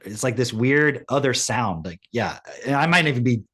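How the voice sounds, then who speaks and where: Animated man making excited rhetorical points. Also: moderate pace. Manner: animated, rises sharply in pitch when making a point; swears casually, rhetorical questions. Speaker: co-host. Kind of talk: casual reaction chat.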